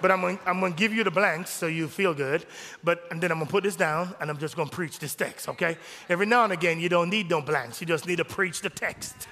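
A male pastor preaching a sermon, rising to shouts on key phrases in call-and-response style, in a church sanctuary. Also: high-pitched, quick pace, big-room sound.

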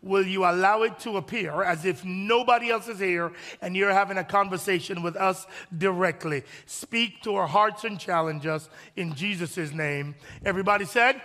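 High bright-voiced preaching man. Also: normal speed, hardly any pauses, big-room sound. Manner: animated, lively storytelling with call-and-response. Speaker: pastor. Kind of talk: sermon.

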